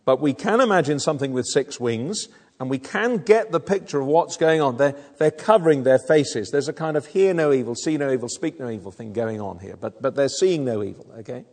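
A man preaching in a gravelly, mid-pitched voice, earnest and explanatory, stumbling and restarting as he works through his points. His voice carries a long reverb in a church hall. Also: expressive, fairly quick, a little mellow. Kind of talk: sermon.

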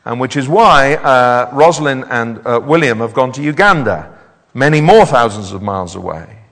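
A man preaches with a lively, swooping delivery and a slightly high, gravelly voice. His words ring out with a long reverb, like a church hall. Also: moderate pace. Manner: animated, repeats words when building up. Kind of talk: sermon.

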